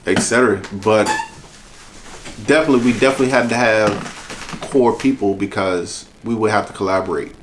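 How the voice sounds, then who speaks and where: A man's voice: on the low side, normal speed, noisy background. A man being interviewed about his work as an event organizer, talking earnestly and often restarting his sentences. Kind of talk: casual interview talk.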